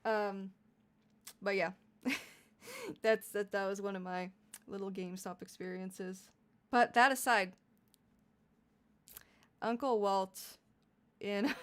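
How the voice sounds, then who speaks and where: A woman's voice: mid-range voice, a little slow, pauses often. A young adult woman chatting casually on a live stream, giggly and rambling, laughing often. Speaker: VTuber streamer.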